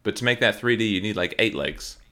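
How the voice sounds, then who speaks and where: A man with a low voice that swings widely in pitch, co-hosting a laid-back comedy podcast. His tone is bright and forward, and he laughs easily while riffing on jokes. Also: animated, fairly quick. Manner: playful, laughs often, riffs on jokes. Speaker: podcast co-host. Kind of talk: casual comedic chat.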